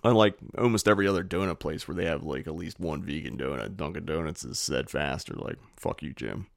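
A man's voice: rumbling low, fast talker, creaky, no room sound, studio quality. A man co-hosting a podcast in casual chat, swearing freely and laughing at himself. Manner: swearing, self-deprecating, laughs often. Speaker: podcast co-host.

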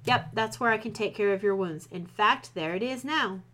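A woman's voice: mid-range voice, moderate pace, a bit bright, close to an everyday voice. A woman voicing a cheerful, wisecracking male army surgeon with a breezy manner.

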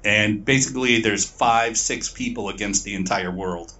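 A man's voice: lowish voice, bright, forceful tone, recorded from a distance, lo-fi sound. Rambling, profane man recapping a plot. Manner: profane, rambling retelling with quick put-on voices. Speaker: podcast co-host.

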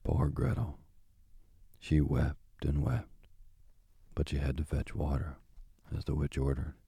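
A man reading a fairy tale aloud in a hushed, dramatic storytelling manner. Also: very deep voice, expressive, slow, gravelly, husky, no room sound.

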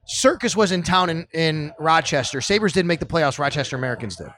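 A middle-aged man from Buffalo, telling old sports stories with growing excitement on a casual podcast. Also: on the high side, a little fast. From Buffalo area. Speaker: podcast guest. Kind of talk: casual storytelling chat.

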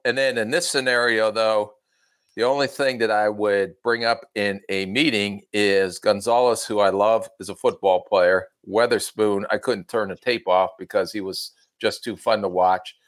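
A man's voice: fairly low pitch, a bit bright. A middle-aged man, a former football general manager, chatting casually on a podcast and telling folksy stories with a laugh at himself.

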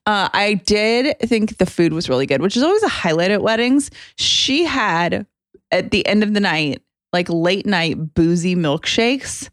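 A woman co-hosting a podcast, chatting casually and retelling a weekend story with lively asides. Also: mid-range voice, a little slow, no room sound, clean studio sound. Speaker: podcast co-host. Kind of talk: casual chat.

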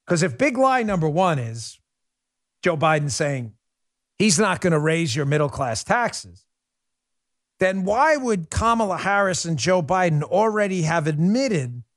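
A man's voice: fairly high pitch, dry recording. Middle-aged guy doing a snarky political talk show rant, voice jumps all over, dry close sound. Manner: animated, sarcastic, rapid asides. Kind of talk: casual political commentary monologue.

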